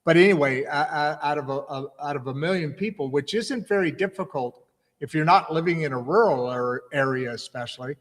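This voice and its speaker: A man's voice: fairly high pitch, a little fast, in a large hall. A man hosting a livestream interview, chatty and rambling, often restarting his sentences. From United States. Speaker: host.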